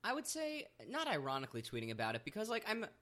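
A man's voice: high voice, huge pitch swings, racing, pushed and bright. Easygoing young man rambling. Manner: easygoing, rambling, self-deprecating. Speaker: podcast co-host. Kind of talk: casual chat.

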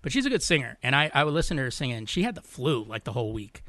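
A man co-hosting a podcast, chatting casually in a relaxed way. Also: mid-range voice, very fast. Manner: relaxed, laughs often, short agreeing replies. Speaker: podcast co-host. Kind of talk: casual chat.

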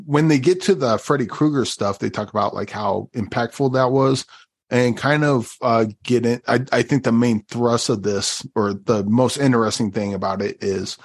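A man co-hosting a podcast and talking casually, loose and conversational, with lots of ums and you-knows. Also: medium pitch. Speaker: podcast co-host and interviewer.

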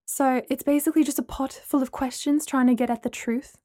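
A blunt young man, voiced by a woman narrator asks his questions with flat disbelief. Her delivery stays near her own voice, close and dry. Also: high voice, a little fast, no room sound, voice pushed up, natural voice.

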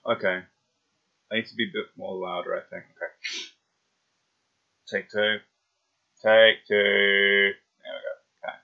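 A man's voice: lowish voice, little pitch movement, unhurried, long pauses, phone-quality sound. A man recording voice lines, chatting between takes in a sweary, self-mocking way. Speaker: voice actor. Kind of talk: casual outtake chatter while recording lines.

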